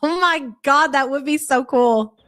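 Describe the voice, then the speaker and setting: A woman's voice: sits high, measured pace, a bit bright, slight background noise. A woman co-hosting a casual online chat, gossiping and mocking with frequent laughter. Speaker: co-host.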